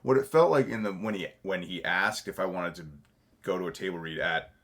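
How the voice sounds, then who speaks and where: Deep-voiced man, rambling and candid. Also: animated, brisk. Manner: rambling, self-correcting, swears freely and laughs while telling stories. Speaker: podcast guest, actor. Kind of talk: candid conversational interview.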